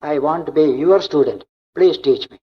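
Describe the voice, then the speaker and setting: A man voicing an earnest ancient sage, speaking slowly. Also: a little high, in a large hall, natural voice. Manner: slow, measured. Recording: dull lo-fi recording.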